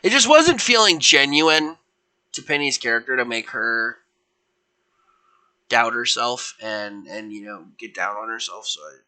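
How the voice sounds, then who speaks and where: A man's voice: mid-range voice, animated, unhurried, sharp tone. A young man streaming, improvising fan fiction in a rambling, playful way that keeps correcting itself. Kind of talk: casual improvised storytelling.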